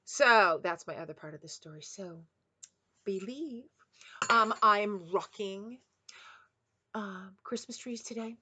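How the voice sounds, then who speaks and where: A woman's voice: mid-range voice, takes it slowly, pauses often, slightly rough. A woman, a former kindergarten teacher, chatting in a rambling, friendly way after a read-aloud, recorded on a headset mic. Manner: chatty and rambling, with bursts of excitement. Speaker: retired kindergarten teacher reading picture books.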